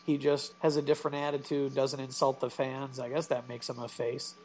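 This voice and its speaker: A man's voice: mid-range voice, level tone, a little hiss or hum. A man co-hosting a casual chat, joking around and asking questions. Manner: joking, asks questions, quick asides. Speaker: podcast co-host.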